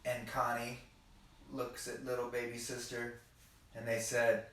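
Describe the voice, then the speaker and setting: A man's voice: mid-range voice, completely flat delivery, a little slow, long pauses, a bit bright, a little hiss or hum. A man telling a story to children in a playful, folksy way, talking to the kids directly as he goes. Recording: echoey room, mic far off.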